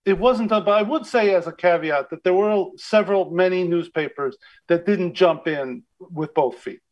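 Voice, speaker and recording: Guy on a podcast, kinda high voice, thinks out loud, lots of um and restarts. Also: moderate pace, highs cut off. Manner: thoughtful, hedging, with many restarts and fillers. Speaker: guest media critic. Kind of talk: conversational interview.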